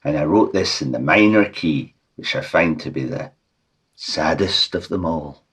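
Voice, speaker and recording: A Scottish man hosting a comedy podcast with a deadpan, rambling absurdist monologue. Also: extremely low pitch, a little slow. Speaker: podcast host.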